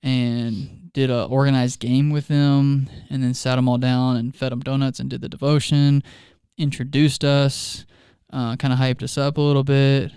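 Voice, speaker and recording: Chatty man with a smooth, dry voice. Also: mid-range voice, level tone, normal speed, few pauses, dark tone, no echo. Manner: chatty storyteller, laughs often mid-sentence. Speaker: youth ministry leader. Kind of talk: casual podcast chat.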